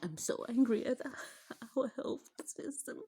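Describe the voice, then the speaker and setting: Woman, middle-aged, tearful, shaky breaking voice, slow, dark mellow tone. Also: fairly high pitch, animated, husky. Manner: shaky, breaking voice, dropping to a whisper. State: tearful, close to crying. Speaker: vlogger, mother. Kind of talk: emotional personal vlog.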